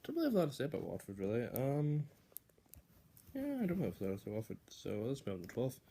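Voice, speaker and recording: A man's voice: medium pitch, huge pitch swings, quick pace, creaky, mellow, a little hiss or hum. A young man casually giving football predictions, rambling, swearing and restarting sentences often.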